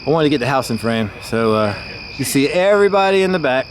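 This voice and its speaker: A vlogger giving casual, excitable running commentary outdoors at night, exclaiming and laughing nervously while crouched behind a parked car. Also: medium pitch, fast. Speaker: vlogger filming fireworks. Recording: noisy outdoor camera audio. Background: crickets and firework bangs.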